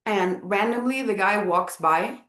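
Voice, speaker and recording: A woman teaching at a live event, telling a story with animated energy, acting out the people she quotes and laughing often. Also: medium pitch, measured pace. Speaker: spiritual teacher. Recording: roomy echo.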